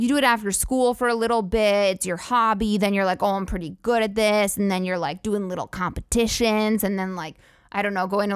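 A woman's voice: fairly high pitch, no room sound, clean studio sound. A young woman hosting a podcast, ranting casually with sarcastic, profane, rambling asides. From United States. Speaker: podcast host. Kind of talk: casual comedic rant.

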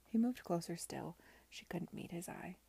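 A woman reads a novel aloud, softly and often close to a whisper. Her voice is low and gravelly with a husky, mellow grain. The recording is close and dry. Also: animated, normal speed, no echo. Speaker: reader.

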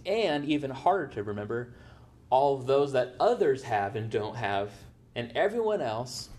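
A man's voice: mid-range voice, darkish tone. A man preaching a sermon as pastor, in a conversational way, often checking in with "right?". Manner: conversational, tags points with "right?".

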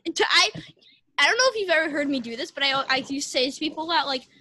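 A woman's voice: high voice, expressive, quick pace, sharp tone, dry recording, low-quality recording. A young girl co-hosting a casual podcast, rambling and giggly, acting out text messages in a sassy voice. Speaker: podcast co-host. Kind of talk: casual chat.

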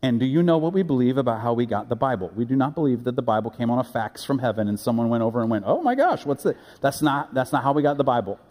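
Earnest preaching man, echoey church hall. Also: a little mellow. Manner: earnest, building to emphatic high-pitched peaks with halting restarts. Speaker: pastor. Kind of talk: sermon. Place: church sanctuary.

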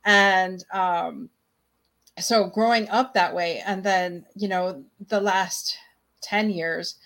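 A woman's voice: medium pitch, steady tone, takes it slowly, fairly bright tone. A woman talking casually as a guest, hesitant and restarting her sentences, laughing now and then. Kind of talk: casual conversation.

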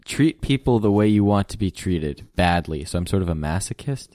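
A man's voice: low voice, lively intonation, normal speed, dark tone, no echo, studio quality. A man co-hosting a casual comedy podcast, answering with wry, laid-back remarks and frequent laughs. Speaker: podcast co-host.

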